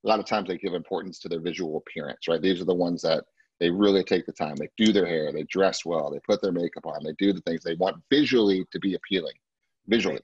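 A man's voice: quick pace, slightly rough, no echo. A man teaching real estate agents in a sales class, talking emphatically and acting out clients' words. He is heard over lo-fi video call audio. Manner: emphatic, acts out client quotes in a much higher voice.

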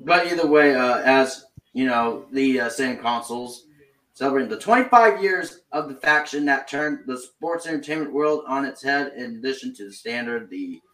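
This is a man hosting a casual podcast, running through game news with an animated, slightly bright, medium-pitched voice at a normal pace. He uses lots of fillers and restarts. He sits far from the mic, and the room has a noticeable echo.

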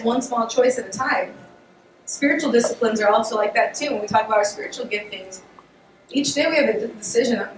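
A woman giving a casual devotional talk, conversational and animated, with laughs and restarts, her voice getting worn. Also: fairly high pitch, slight background noise. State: losing her voice. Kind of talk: casual sermon. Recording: echoey room, voice picked up from a distance.

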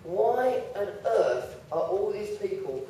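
A man's voice: high voice, big pitch swings, slow, mellow, slight background noise. A man giving a humorous sermon, telling self-deprecating stories about his own slip-ups. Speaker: preacher. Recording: very echoey hall, voice heard from far off.

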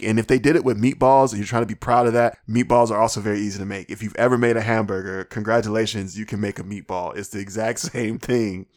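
Hoarse man ranting on his podcast. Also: on the low side. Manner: rambling, profane, comic exasperation; mumbles. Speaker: podcast host. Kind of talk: casual solo podcast rant.

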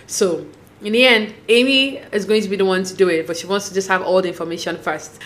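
A woman casually recapping a reality dating show, acting out the cast's lines with lively, opinionated commentary. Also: mid-range voice. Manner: animated, acts out quotes, opinionated. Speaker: recap host.

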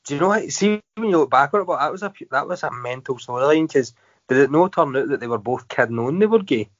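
A man's voice: medium pitch, animated, fast talker, no echo. A Scottish man hosting a casual podcast chat, teasing his guest and laughing often. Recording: dry, dull lo-fi audio.

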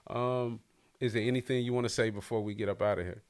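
A man's voice: mid-range voice, fairly even intonation, quick pace, darkish tone, clear, resonant tone. A man hosting a podcast interview, talking loose and slangy as he hypes up his guest over a video call. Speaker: podcast host. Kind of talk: casual interview chat.

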